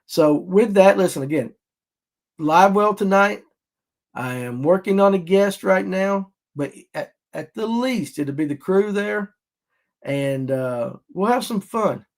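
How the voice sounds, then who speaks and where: A man's voice: high voice, takes it slowly. A man hosting a casual podcast, telling stories and acting out other people's lines. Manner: animated storyteller who acts out other people's lines. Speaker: fishing podcast host.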